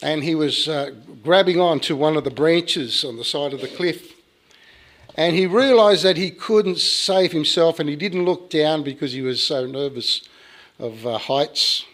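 A man's voice: on the high side, measured pace, fairly bright tone. A male pastor preaching a sermon in a folksy way, often calling his listeners folks and chuckling.

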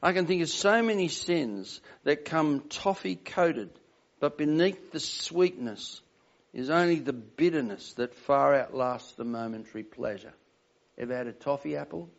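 A man's voice: fairly high pitch, unhurried, creaky. An older man preaching a sermon in an earnest, emphatic way, often putting questions to the congregation. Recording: dull lo-fi sound.

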